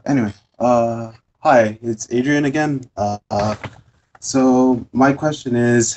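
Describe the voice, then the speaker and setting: A man's voice: fairly low pitch, darkish tone, slight background noise. A man calling in to a show to ask a question, hesitating with frequent fillers. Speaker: caller. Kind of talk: asking a question on a call-in show.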